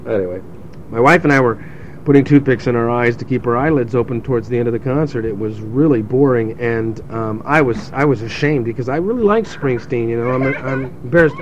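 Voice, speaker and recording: A man's voice: mid-range voice, brisk, slight background noise, low-quality recording. A young adult man telling a rambling, sarcastic story in casual chat, mimicking people as he goes. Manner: sarcastic, mimics crowd voices, rambling with restarts.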